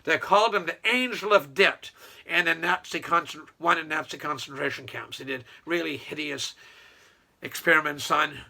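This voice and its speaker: A man ranting casually about local politics, rambling and scornful, with loud mocking outbursts. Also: a little high, moderate pace, gravelly. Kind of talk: casual political rant to camera.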